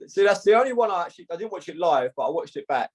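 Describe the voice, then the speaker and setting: A man's voice: high voice, expressive, slightly rough, low-quality recording. Easygoing man saying "mate". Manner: laid-back, says "mate" a lot, halting with fillers. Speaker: boxer being interviewed. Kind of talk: casual interview chat.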